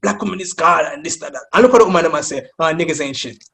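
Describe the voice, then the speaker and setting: A young Jamaican man co-hosting a podcast, talking in an animated, casual way. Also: on the high side, rapid-fire, creaky. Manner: animated, sings snatches of songs to make points. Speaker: podcast co-host. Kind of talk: casual debate chat.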